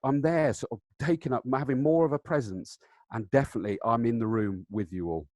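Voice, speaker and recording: A man gives a live training webinar from his desk over a video call, at a middling pitch. He talks in an animated, demonstrative way, dropping in self-deprecating asides. The sound is dry, with no room echo. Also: brisk. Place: seated at a desk, indoors. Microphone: video call setup.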